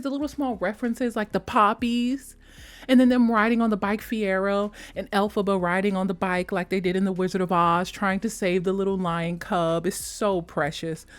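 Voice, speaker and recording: A woman chatting casually as a vlogger, gushing about a film in slangy talk, switching between high mock voices and soft whispers. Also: steady tone, moderate pace. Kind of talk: casual chat.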